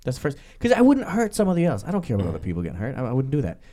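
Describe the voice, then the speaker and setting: A man's voice: mid-range voice, huge pitch swings, very fast, warm tone. A man co-hosting a casual podcast, rambling and joking, slipping into silly voices. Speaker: podcast co-host.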